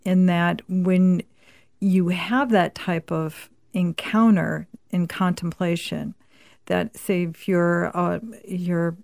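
An interviewer asks slow, searching questions, pausing as she finds her words. Her voice is low and gravelly, with a flat, even delivery. The sound is dry and close. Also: no room sound. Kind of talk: podcast interview.

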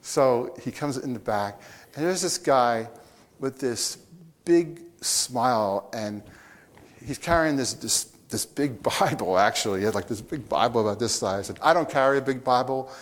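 A man preaching a conversational sermon, telling stories with animated asides to the audience. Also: mid-range voice, normal speed. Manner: animated, with restarts and chuckles.

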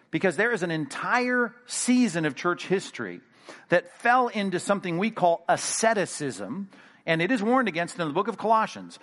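Male pastor, emphatic and animated sermon delivery, fairly high-pitched voice. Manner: animated, emphatic preaching with sudden loud bursts.

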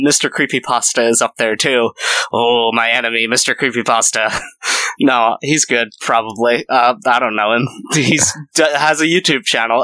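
Bright-voiced rambling male podcast host. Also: mid-range voice, dry recording, low-quality recording. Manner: rambling, self-mocking, laughs often. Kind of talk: casual podcast chat.

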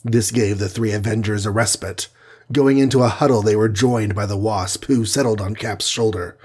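A man with a husky voice narrating a superhero adventure story in an even storytelling manner. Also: on the low side, moderate pace. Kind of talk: audiobook narration.

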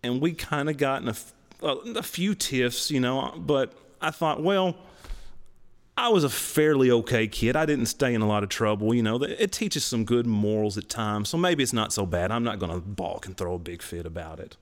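A man, telling his testimony in casual podcast talk, animated and laughing, his voice jumping way up for emphasis. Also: medium pitch, normal speed. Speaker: podcast co-host.

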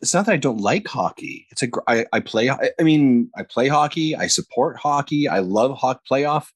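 Animated husky Canadian man. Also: medium pitch, moderate pace. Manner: animated, mock-outraged rants. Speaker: podcast co-host. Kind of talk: casual podcast banter.

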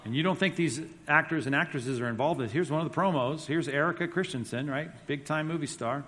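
A fast-talking man with a fairly high, fairly bright voice teaches a church class with slides as a Bible teacher. He's conversational and emphatic, reading quotes out loud, with the long reverb of a hall on the recording.

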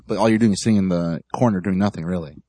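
A man co-hosting a podcast in casual chat, terse and deadpan, giving short dry answers. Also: low voice, rapid-fire, no room sound. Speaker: podcast co-host.

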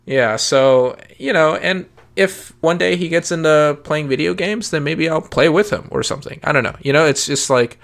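Man, thirties, gravelly voice, easygoing rambling chat about kids; natural delivery. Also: a little high, normal speed, few pauses, fairly bright tone. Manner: rambling, many fillers and restarts. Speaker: parent podcast guest. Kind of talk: casual chat.

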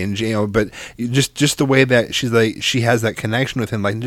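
A man's voice: fairly low pitch, fairly quick, few pauses, dry recording. A young man co-hosting a casual podcast chat, telling stories in a rambling, profane way with many restarts. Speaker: podcast co-host.

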